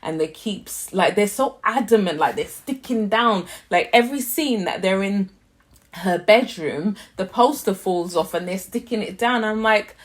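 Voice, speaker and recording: A woman's voice: medium pitch, moderate pace. A young British woman chatting casually to camera as she reviews a TV series, filling her talk with "like". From United Kingdom. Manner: chatty, leans heavily on "like" as filler.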